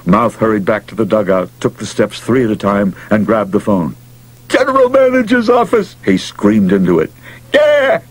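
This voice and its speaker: A man narrating a story aloud in an expressive, dramatic reading. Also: lowish voice, normal speed, hardly any pauses, husky, rough recording. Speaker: audiobook narrator.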